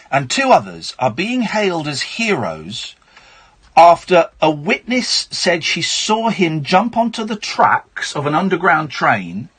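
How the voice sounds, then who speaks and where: A man's voice: fairly high pitch, a bit bright, slightly rough. A man hosting late-night radio, chatty and wry, reading a news story with asides. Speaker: radio host. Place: radio studio.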